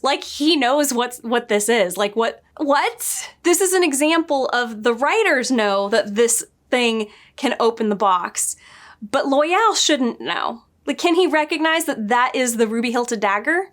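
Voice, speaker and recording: A woman's voice: sits high, expressive, a little slow, a bit bright. A woman casually recapping and nitpicking a TV episode, chatty and exasperated, laughing now and then. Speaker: show reviewer.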